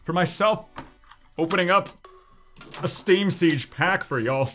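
A man's voice: high-pitched, measured pace, fairly bright tone, soft background music. A man casually chatting while opening trading card packs in his home studio, playful and joking. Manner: playful, swoops into silly voices and mock wails. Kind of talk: excited pack-opening chatter.

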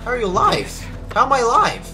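A man's voice: extremely high pitch, sing-song, fast talker. A man doing let's play commentary at his computer, swinging between shrieking reactions and muttered asides. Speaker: gaming video host. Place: at a computer, keyboard audible. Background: game music and sounds.

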